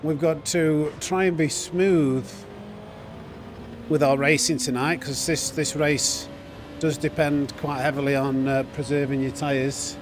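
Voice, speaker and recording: A man's voice: a little high, fairly even intonation, unhurried, background noise. A man chatting casually on a live stream, reading chat and restarting his sentences often. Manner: chatty, reads chat aloud, frequent restarts and fillers.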